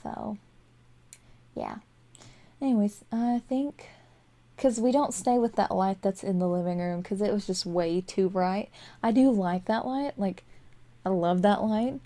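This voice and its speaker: This young woman speaks unhurriedly in a mid-range voice with a dark tone and long pauses. Sleepy and yawning, she rambles casually through voice-over commentary on a game build, filling it with fillers and little laughs, using a desk microphone.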